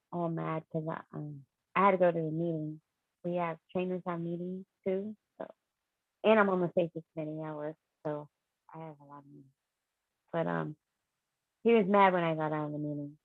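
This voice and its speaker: A woman sharing a story on a coaching video call, animated and laughing as she talks. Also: fairly low pitch, brisk, no echo, narrow, tinny audio. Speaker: coaching client.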